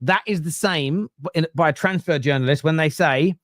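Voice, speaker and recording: A man's voice: a little high, moderate pace, fairly bright tone, dry recording, studio quality. A man hosting a football podcast, ranting casually with swearing, digressions and mocking asides. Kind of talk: casual opinionated rant.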